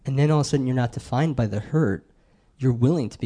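A middle-aged man with a warm, mid-range voice talks fast as he delivers a sermon in a conversational way. He asks the congregation questions and shares stories from his own life.

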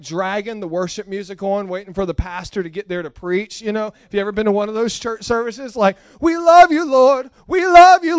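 A man preaching a sermon in a church, telling animated, self-mocking stories with frequent restarts. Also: high-pitched, clear, resonant tone, no echo, clean studio sound. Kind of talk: storytelling sermon. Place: church hall.

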